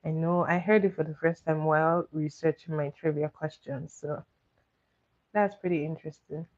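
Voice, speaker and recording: A woman's voice: low voice, fairly even intonation, normal speed. A woman hosting a casual trivia game on a live stream, coaxing her viewers and repeating each question. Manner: coaxing, reads questions out to chat and repeats them. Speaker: livestream host running trivia. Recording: dull lo-fi stream audio.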